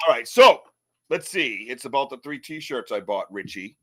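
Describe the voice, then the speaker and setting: A man's voice: mid-range voice, big pitch swings, normal speed, pushed and bright. A man hosting a live podcast, chatting casually in a rambling, joking way and laughing often. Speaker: podcast host.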